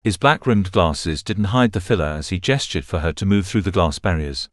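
A man reading a novel aloud as a narrator, in a steady, even way. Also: low voice, fairly quick, dry recording, clean studio sound. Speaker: audiobook narrator. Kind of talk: scripted narration.

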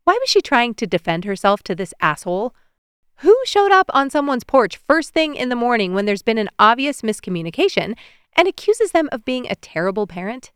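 A woman reading a story aloud as an audiobook narrator, with even, measured storytelling. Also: mid-range voice, smooth, no room sound, clean studio sound.

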